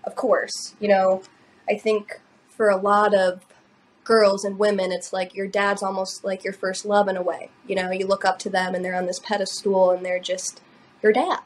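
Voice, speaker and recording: A young adult woman shares a personal story on a podcast, in a loose, emotional, rambling way. Her voice sits at a middle pitch for a woman, and she often fills gaps with "like" and "you know.". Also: flat delivery, moderate pace. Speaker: podcast co-host. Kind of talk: personal storytelling in casual chat.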